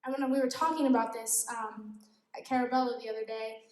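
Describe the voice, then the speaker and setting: Young woman, high-pitched, giggly, self-deprecating, youth devotional talk, echoey room. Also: steady tone, fairly quick, a little mellow. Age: young adult. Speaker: youth group speaker.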